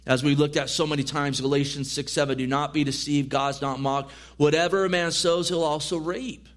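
A man's voice: on the high side, fairly even intonation, normal speed. Earnest male pastor preaching. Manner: earnest preaching with scripture readings, rising to emphatic peaks. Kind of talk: sermon. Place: church.

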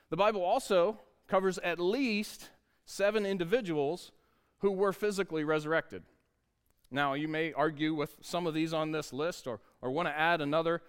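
A man's voice: on the high side, smooth. A man, preaching a sermon in an upbeat, conversational way and asking the congregation questions. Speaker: pastor.

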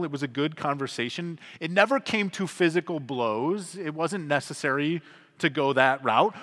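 A man's voice: a little high, fairly bright tone. Earnest preaching man in a reverberant hall. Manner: earnest, conversational preaching with emphatic swells. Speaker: pastor. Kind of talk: sermon.

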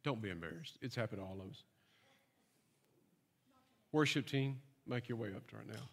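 A pastor with a lowish, creaky voice and lively intonation preaches a sermon at a moderate pace and leads an altar call, sometimes teasing, then turning fervent and pleading. He's in a large church with live music, and the recording has long hall reverb with music underneath.

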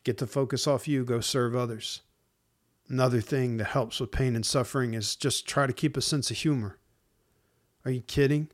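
A man preaching in a casual, conversational sermon, speaking plainly to listeners and slipping into slang and hushed acted-out asides. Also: medium pitch, fairly even intonation, moderate pace. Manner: acts out inner voices in hushed asides. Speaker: pastor.

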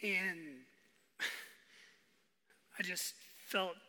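Young guy pastor, highish bright voice, telling a story all animated, big reverby church hall. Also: very slow. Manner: animated storytelling, acting out his own frustration loudly. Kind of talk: sermon. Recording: long reverb of a large hall.

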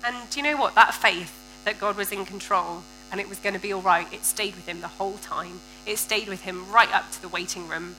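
A woman preaching a sermon, telling a personal story with lively, animated delivery and frequent laughter. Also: mid-range voice, brisk, few pauses, slight background noise, low-quality recording.

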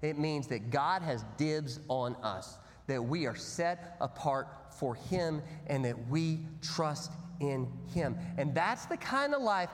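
A man preaching a sermon as pastor, telling stories with big swings between loud bursts and hushed, low passages. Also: big pitch swings, slow, few pauses, a little hiss or hum. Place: church sanctuary. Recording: long hall reverb.

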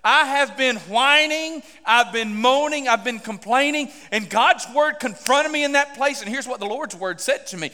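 A man, a pastor preaching a sermon and telling a story animatedly, acting out dialogue with sudden loud bursts. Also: very high voice, moderate pace, hardly any pauses, in a large hall.

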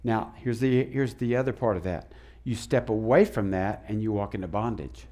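A man preaching a sermon as pastor, animated and acting out the voices he quotes. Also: fairly low pitch, moderate pace.

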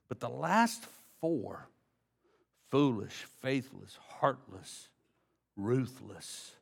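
A man preaching a sermon, folksy and direct with the congregation, swinging from low, quiet passages to loud emphasis. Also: vocal fry. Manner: folksy, addresses congregation as y'all. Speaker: pastor.

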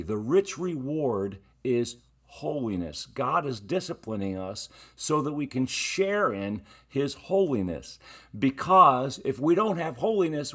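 Male pastor, middle-aged, unhurried sermon delivery, conversational with emphatic key words. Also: medium pitch, a bit bright, breathy edge.

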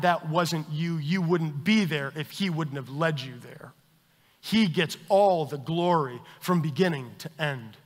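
A man preaching a sermon as a pastor, impassioned, swinging between loud intensity and quiet emphasis. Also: a little high, long reverb tail.

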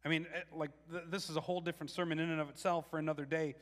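A man preaching a casual, animated sermon, restarting phrases often and acting out quotes. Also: a little high, racing, in a large hall. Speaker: pastor.

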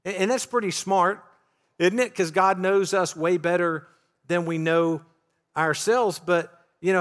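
A man's voice: sits high, fairly even intonation, measured pace, a bit bright. A man preaching a sermon as pastor, in a conversational tone full of rhetorical questions to his listeners. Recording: long hall reverb.

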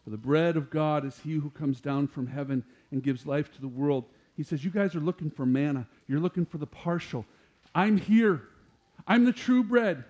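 A man preaching a sermon, animated, growing louder and higher as he quotes scripture. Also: a little fast, hardly any pauses. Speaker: pastor.

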